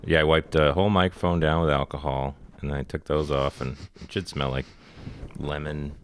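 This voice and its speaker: A man's voice: extremely low pitch, flat delivery, fairly quick, a little hiss or hum. A man co-hosting a podcast, chatting casually and laughing along in a laid-back way. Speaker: podcast co-host. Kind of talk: casual chat.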